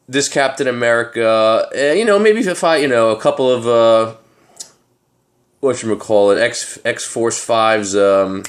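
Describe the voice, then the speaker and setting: A man, tired, telling a story to his vlog audience in a casual, animated, street-casual way. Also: mid-range voice. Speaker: comic collector vlogger.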